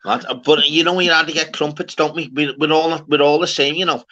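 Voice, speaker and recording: A man's voice: fairly high pitch, fairly even intonation, fairly quick, sharp tone, dull audio. A man from the north of England in casual, sweary, rambling banter while hosting a livestream. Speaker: livestream host. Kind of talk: casual chat.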